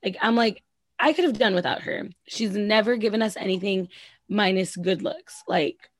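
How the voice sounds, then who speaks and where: A woman in a mid-range voice gossips about a reality TV show, her talk packed with "like" and quick asides. The sound is dry and close, with no room around it. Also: mid-range voice, no room sound. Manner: quick, gossipy, filler-heavy with lots of "like". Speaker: podcast co-host. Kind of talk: casual reality TV recap chat.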